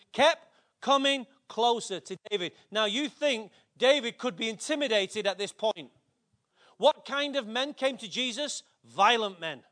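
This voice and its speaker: A man, preaching a sermon with animated storytelling that builds to shouts. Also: sits high, a little slow.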